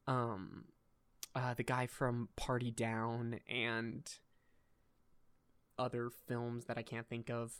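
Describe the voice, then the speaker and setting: A man's voice: mid-range voice, completely flat delivery, slow, pauses often, fairly bright tone, clear, resonant tone. A young adult man hosting a podcast in casual chat, rambling and enthusiastic, swearing casually. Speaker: podcast host.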